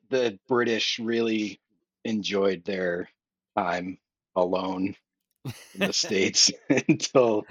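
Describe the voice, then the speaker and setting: A man's voice: medium pitch, muffled recording. A man appearing as a podcast guest, cracking wry jokes and laughing. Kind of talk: casual podcast chat.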